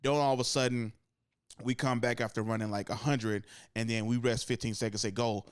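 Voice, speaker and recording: A young man talks sports on a podcast in a smooth, clear voice. He is close to the mic in a dry room. He rambles, swears freely and jumps higher when he acts out what others said. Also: fairly even intonation, a little fast, no echo. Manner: rambling, profane, acts out quotes with sudden high-pitched bursts. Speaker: podcast co-host. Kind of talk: casual sports chat.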